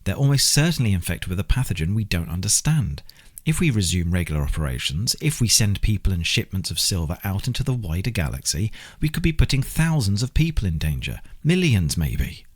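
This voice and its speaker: A man giving voice to an anxious compliance officer, earnest and insistent, his delivery lively and rising. A husky audiobook character pleading the case for caution. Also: low voice, fairly quick, exaggerated voice. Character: anxious male compliance officer, expectant father.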